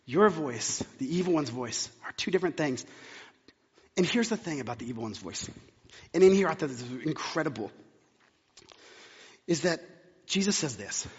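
A pastor preaching a sermon, talking conversationally and hammering points home with repetition. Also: male voice, a little high, breathy edge. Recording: long hall reverb, dull sound.

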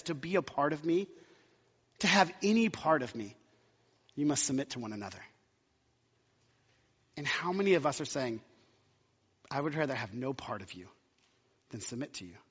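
A man's voice: a little high, husky. A man preaching a sermon, impassioned and building to emphatic climaxes. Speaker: pastor. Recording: muffled sound with long hall reverb.

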